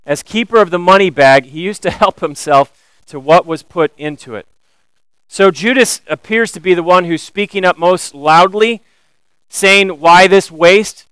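A man delivers a sermon in a smooth, fairly high voice. He is animated and builds to emphatic questions. The sound is close and dry. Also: normal speed, dry recording, low-quality recording. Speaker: pastor.

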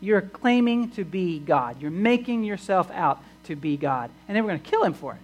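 A man's voice: sits high, very animated, normal speed, a little mellow, poor audio. A man preaching a sermon, repeating words as he restarts phrases and rising into emphatic bursts.

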